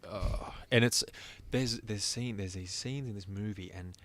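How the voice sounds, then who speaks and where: A man's voice: lowish voice, unhurried, fairly bright tone. A man co-hosting a podcast, describing film scenes emphatically in casual chat, with blunt swearing. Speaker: podcast co-host.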